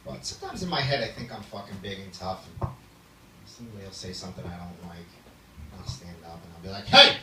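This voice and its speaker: A man's voice: low-pitched, expressive, fast. A man in his thirties doing a stand-up comedy set, self-deprecating and laughing at his own jokes. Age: 30s. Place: small club stage with audience. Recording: echoey room from a distance, loud noise.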